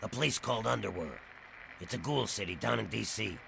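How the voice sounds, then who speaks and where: A raspy, downtrodden ghoul barkeep. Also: male voice, fairly low pitch, a little fast, background noise. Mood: humble. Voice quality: raspy, gravelly. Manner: humble, resigned. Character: weary male ghoul bartender, downtrodden and kind. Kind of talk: video game voice acting.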